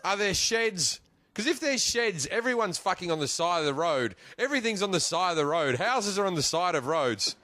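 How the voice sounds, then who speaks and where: Man, comic storyteller, animated, swears a lot, slightly high voice, dry sound, list. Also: normal speed, no room sound. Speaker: guest.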